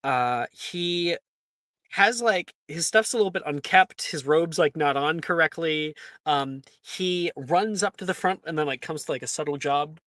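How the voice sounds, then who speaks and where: A game master narrating a tabletop role-playing game in a relaxed way, often laughing and clearing the throat. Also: medium pitch, measured pace, no room sound.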